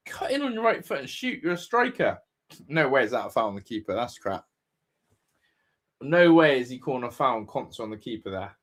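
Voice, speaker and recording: A man hosting a live football watch-along, reacting loudly, swearing and shouting advice at the players. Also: fairly high pitch. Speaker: fan watch-along host.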